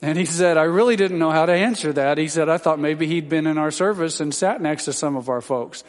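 Male Baptist pastor, slightly high voice, folksy, rambling announcements full of fillers and wry jokes; long church reverb. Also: fairly quick. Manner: rambling and homespun, with many fillers and dry humorous asides. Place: large church sanctuary.

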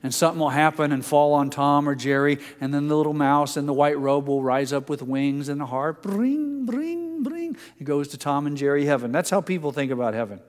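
An older man preaching a sermon, telling stories gently and dropping soft and low for quotes. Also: little pitch movement, fast, few pauses, clean tone, long reverb tail. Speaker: pastor.

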